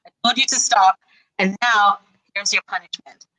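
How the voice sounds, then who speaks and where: A woman's voice: medium pitch, steady tone, moderate pace, bright, forceful tone, close to an everyday voice, low-quality recording. A woman voicing an exasperated village king in a folktale, scolding in a casual, fed-up tone.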